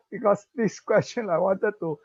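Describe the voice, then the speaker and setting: A speaker with a Singaporean English accent giving a parenting talk, explaining slowly, chuckling and acting out parent-child dialogue. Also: medium pitch, slightly rough, no echo. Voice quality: slow explaining, mixes in Chinese phrases. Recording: dull, muffled recording.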